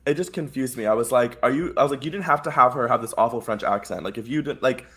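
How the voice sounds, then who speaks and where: A man's voice: medium pitch, quick pace. A man co-hosting a casual review podcast, rambling through episode plots and acting out the characters' lines with lots of "like". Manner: rambling, animated, acts out quotes with lots of "like". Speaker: podcast co-host. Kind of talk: casual chat.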